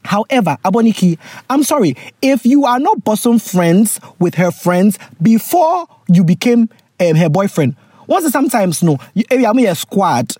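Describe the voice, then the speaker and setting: A woman, hosting and reading out a listener's letter with casual advice, animated and laughing, often slipping into pidgin. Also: medium pitch, normal speed, husky, no room sound.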